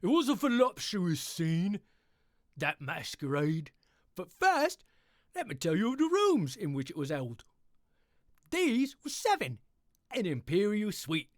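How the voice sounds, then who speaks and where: A man putting on a cheerful English accent to read a gothic tale aloud in a theatrical, drawn-out way. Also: high voice, wildly swooping pitch, no echo, clean studio sound, voice pushed up, exaggerated voice. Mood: sprightly. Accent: put-on English. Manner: theatrical, drawn-out emphatic reading. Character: cheerful upbeat English male storyteller. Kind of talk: dramatic horror story reading.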